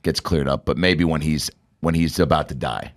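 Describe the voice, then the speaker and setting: A man's voice: rumbling low, normal speed. A man, a comedian guest, improvising comic riffs in a casual chat. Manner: riffing, slips into silly impressions.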